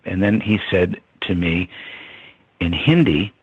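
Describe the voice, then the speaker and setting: An older man with a husky voice, reflectively telling a story as an interview guest. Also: low-pitched, lively intonation, slow. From United States. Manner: reflective, with many ums and soft laughs. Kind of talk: storytelling in conversation. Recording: dull lo-fi sound.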